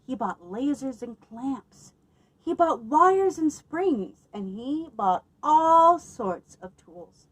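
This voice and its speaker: A woman librarian reading a picture book aloud at children's story time, expressive and lively, pausing to ask her listeners questions. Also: sits high, low-quality recording.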